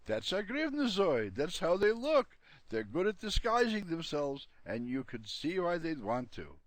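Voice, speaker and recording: A man's voice: fairly high pitch, huge pitch swings, measured pace, no echo, pitched above the performer's own voice. A man voicing a cheerful, unflappable old man with a breezy, matter-of-fact way of talking.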